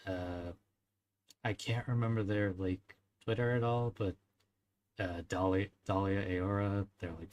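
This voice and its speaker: Young man, streamer, slightly low voice, rambling casual chat, giggly, lots of fillers. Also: slight background noise. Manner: rambling, giggly, many fillers and small verbal tics.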